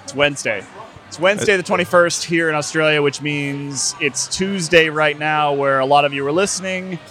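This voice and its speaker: A man's voice: a little high, normal speed, pushed and bright. A man hosting a podcast in a casual, joking, conversational way, recorded in a tavern. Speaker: podcast host.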